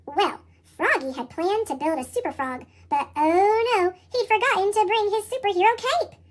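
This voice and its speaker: A storybook reader telling a children's picture book in a lively way, with the voice pitched up into a sped-up chipmunk sound. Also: normal speed. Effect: sped-up chipmunk pitch shift. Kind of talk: picture book read-aloud.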